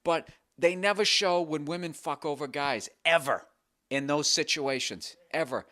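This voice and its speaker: A man's voice: on the high side, measured pace, bright, forceful tone, no echo. A man hosting a podcast, telling a comic story in a rambling, profane, self-mocking way. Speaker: podcast host. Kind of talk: casual comedic storytelling.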